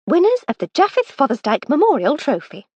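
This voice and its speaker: Gushing excitable edwardian spinster, put on by a woman reader, high and lively. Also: a little fast, no room sound, highs cut off. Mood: eager. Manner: eager, gushing.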